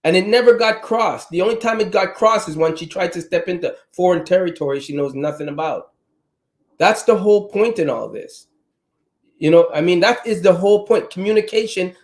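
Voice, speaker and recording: With a high, slightly mellow voice and a Trinidadian accent, a middle-aged man speaks bluntly as a guest in a casual chat. He is opinionated and emphatic, keeping his talk loose and conversational.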